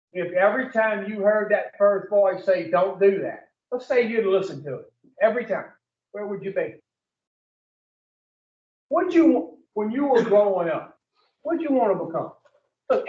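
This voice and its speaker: A man leading an addiction recovery group in a preaching style, blunt and profane, firing questions at his listeners. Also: high-pitched. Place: room with a group. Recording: echoey room, distant muffled mic.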